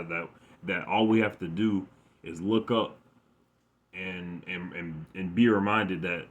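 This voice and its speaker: A man giving an informal scripture lesson into a phone, halting and repeating words, reading verses aloud with more force. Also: low-pitched. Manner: halting, repeats words, stammers when excited. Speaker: scripture teacher.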